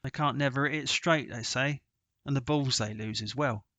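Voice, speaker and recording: A man's voice: medium pitch, moderate pace, sharp tone, no echo, lightly acted. A man doing a wary ragged boy caddie. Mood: earnest. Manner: deferential, uneasy, dialect speech.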